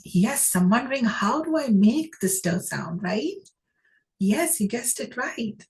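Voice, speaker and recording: A woman's voice: on the high side, expressive, measured pace, darkish tone, low-quality recording. Encouraging woman teaching a phonics lesson. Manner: encouraging, asks questions and praises answers.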